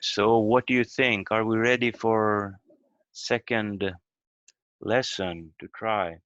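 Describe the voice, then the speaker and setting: A man teaching a language lesson over a video call, explaining step by step with halting fillers. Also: fairly low pitch, steady tone, fairly bright tone, clear, resonant tone, dry recording. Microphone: computer mic on a video call. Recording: dull lo-fi video call audio.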